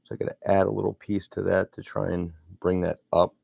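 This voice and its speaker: A man's voice: low voice, flat delivery, fairly quick, gravelly, darkish tone, breathy edge, dry recording, muffled recording. A middle-aged man chatting casually and rambling as he narrates his sculpting work. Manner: rambling, chatty, self-deprecating. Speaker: sculptor vlogger.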